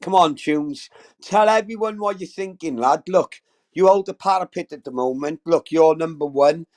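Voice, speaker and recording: A man's voice: fairly high pitch, moderate pace, darkish tone. A man hosting a casual livestream, talking straight to his chat in a sweary, effusive, rambling way. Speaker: livestream host.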